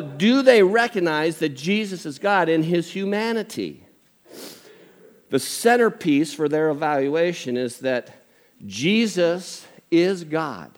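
An older man preaching a sermon as pastor, conversational, with jokey asides. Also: on the high side. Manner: conversational, jokey asides, animated impressions of family.

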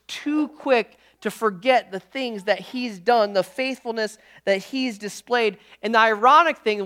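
A male pastor delivering a sermon in a conversational style, full of quick restarts and jokey asides to his congregation. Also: extremely high pitch. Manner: lively conversational preaching with frequent restarts.

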